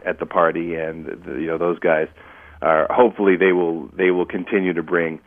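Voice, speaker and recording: A man co-hosting a casual podcast chat, rambling and halting with many fillers, heard over a tinny phone line. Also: sits low, flat delivery, dry recording. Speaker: podcast co-host.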